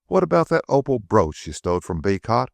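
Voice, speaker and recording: A man's voice: on the low side, very animated, a little fast, creaky, no room sound. A male audiobook narrator voicing a small, imperious woman who coolly bullies a man into talking. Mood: commanding. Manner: cool, commanding, mocking. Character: sharp, imperious little woman detective.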